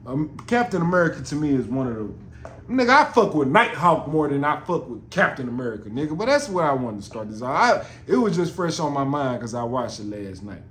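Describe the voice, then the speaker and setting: A man's voice: medium pitch, big pitch swings, brisk, a bit bright. A man hosting a podcast, talking in a casual, rambling and profane monologue in a roomy recording. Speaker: podcast host. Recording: roomy with faint noise.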